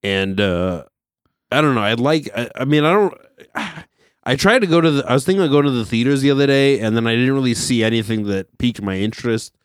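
A man's voice: medium pitch, a little fast, smooth, dry recording, studio quality. Laid-back man in casual podcast chat. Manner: laid-back, chuckles often. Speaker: podcast host.

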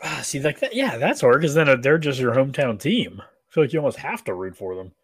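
A laid-back man co-hosts a podcast, swearing casually as he talks. His pitch moves around a lot from line to line. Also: sing-song, fast, no echo. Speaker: podcast co-host. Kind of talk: casual chat.

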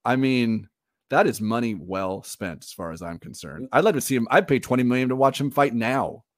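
A man co-hosting a casual podcast over a call. His pitch sits mid-range but jumps around a lot as he tells stories and laughs. The sound is close and dry. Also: moderate pace, dry recording. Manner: animated, laughs often, lively storytelling. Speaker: podcast co-host. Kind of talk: casual chat.

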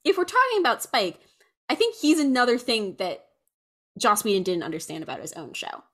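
A woman's voice: a little high, wildly swooping pitch, brisk, fairly bright tone. A young woman co-hosting a podcast, rambling in casual chat with many fillers. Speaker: podcast co-host.

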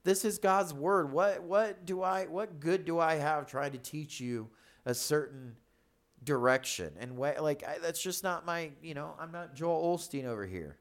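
A man's voice: on the high side, a little slow. Blunt podcast pastor guy, repeats himself, hammers his points.

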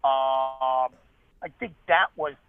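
A comedian telling animated stories in an interview, with quick asides. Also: male voice, medium pitch, smooth, phone-quality sound. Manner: animated anecdotes, fast asides. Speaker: comedian guest. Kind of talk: storytelling interview.

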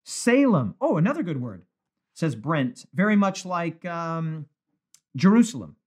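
A man's voice: on the high side, very animated, a little slow, darkish tone, husky. A male pastor leading a live-streamed Bible study, reading viewers' comments aloud with enthusiasm.

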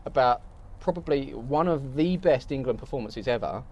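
A man's voice: medium pitch, lively intonation, normal speed, darkish tone, highs cut off. Chatty Birmingham man co-hosting. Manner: chatty, bantering. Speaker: podcast co-host. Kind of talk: casual football chat.

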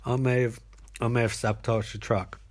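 A smug, wheedling male supervillain who mutters low and soft, stumbling over his words, as a man puts him on. It is a comic recap voice, lazy and halting. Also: flat delivery, natural voice. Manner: mumbled, halting, lower and quieter.

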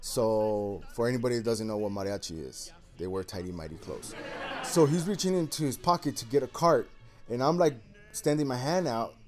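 A man hosting his own video in a casual, wandering monologue. His voice sits at an average pitch, and he leans hard on fillers like "man," "you know" and "uh." Faint music plays underneath. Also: moderate pace. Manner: rambling and loose, heavy on "man", "you know" and "uh". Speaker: video host.

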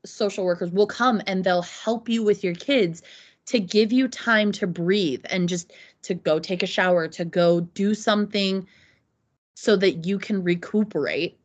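A woman's voice: medium pitch, unhurried, dull audio. A woman in her thirties, a podcast guest, speaking candidly and reflectively about hard personal experiences, often restarting her sentences. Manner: earnest and reflective, with frequent restarts. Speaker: podcast guest, Navy mother.

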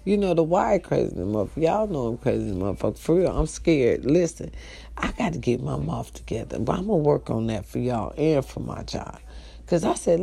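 A middle-aged woman with an African American Vernacular English accent, telling a blunt, profane, animated story straight to her listeners. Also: deep voice, moderate pace, vocal fry. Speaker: online talk show host. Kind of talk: casual storytelling monologue.

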